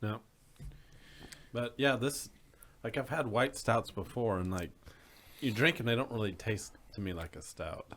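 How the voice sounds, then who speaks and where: A man's voice: medium pitch, unhurried, pauses often, a bit bright, slight background noise. A man co-hosting a casual chat, teasing the others and laughing easily.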